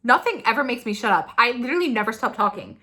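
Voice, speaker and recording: Young female vlogger, gushing and gasping, fairly high, bright voice. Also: quick pace. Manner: gushing, gasping, breathless excitement. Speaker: beauty vlogger. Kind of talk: excited unboxing chat.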